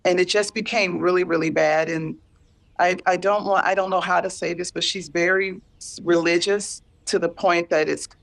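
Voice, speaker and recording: A woman in her fifties talking candidly and earnestly about caring for a parent, halting and repeating herself as she searches for words. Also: fairly low pitch, fairly even intonation, gravelly, fairly bright tone. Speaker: guest sharing caregiving story. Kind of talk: candid emotional conversation.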